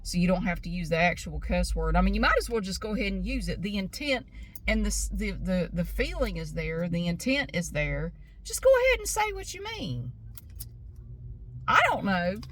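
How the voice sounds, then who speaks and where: A woman's voice: on the low side, animated, brisk, a bit bright. A frank, chatty woman in her fifties from the American South, with a Southern accent, rambling through a casual vlog. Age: 50s. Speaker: vlogger.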